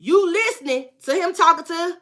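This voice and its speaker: A woman's voice: extremely high pitch, moderate pace, pushed and bright. A woman tarot reader on a livestream, effusively thanking and blessing viewers and bluntly cursing out trolls.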